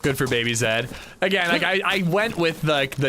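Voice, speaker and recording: Bright and forceful, his medium-pitched voice stays animated at a moderate speed, with slight background noise. The man is livestreaming a game, swapping casual stories, swearing, and dramatizing quotes.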